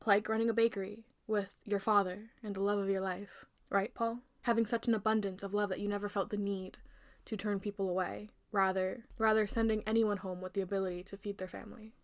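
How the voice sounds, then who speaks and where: A woman voicing a gentle, brave young princess who speaks softly and earnestly, often close to a hush. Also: medium pitch, little pitch movement, brisk, close to an everyday voice. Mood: earnest, persuasive. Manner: soft, earnest, hushed.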